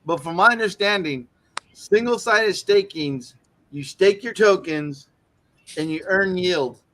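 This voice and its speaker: High-voiced man in casual chat. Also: slow pace, a little hiss or hum. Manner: relaxed, profane, self-deprecating.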